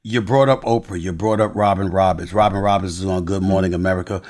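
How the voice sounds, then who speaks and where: A man's voice: sits low, fast talker. Male host, emphatic and rising in energy as he sets up a question. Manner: emphatic, builds to energetic praise. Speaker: podcast host. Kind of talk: interview conversation.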